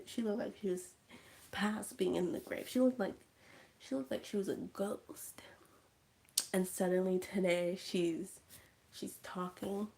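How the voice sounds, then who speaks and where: A woman's voice: medium pitch, vocal fry, darkish tone. A woman hosting a livestream, casually retelling a film and dropping into whispers for suspense. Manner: slow storytelling, drops to whispers. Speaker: livestream host. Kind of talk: casual movie recap.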